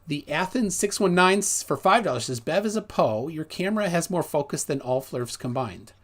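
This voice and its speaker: A man's voice: on the high side, lively intonation, normal speed. A man hosting a livestream, chatting casually and reading viewer comments aloud in a loose, rambling way. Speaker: host.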